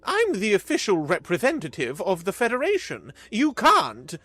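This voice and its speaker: A man voicing an anxious, officious male alien envoy who speaks in a high, strained voice. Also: wildly swooping pitch, a little slow, soft background music, exaggerated voice. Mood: indignant.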